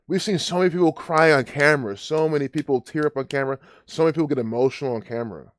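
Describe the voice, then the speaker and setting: A man's voice: a little high, rapid-fire, hardly any pauses, no room sound. Man, channel host, casual commentary, scornful, sarcastic, dry close sound. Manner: scornful, sarcastic, breaks into laughter.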